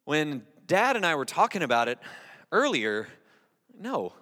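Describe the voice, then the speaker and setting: A male pastor giving a conversational sermon, lively and talking straight to the congregation, often restarting and repeating words. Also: a little high, moderate pace. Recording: long reverb in a large hall.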